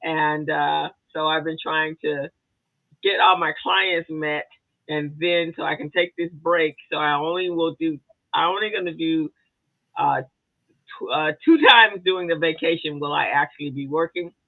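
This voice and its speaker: A woman's voice: low voice, a little slow, no echo. A woman co-hosting a casual podcast chat, rambling and chatty, with many fillers and restarts. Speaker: co-host. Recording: tinny phone-like dry sound.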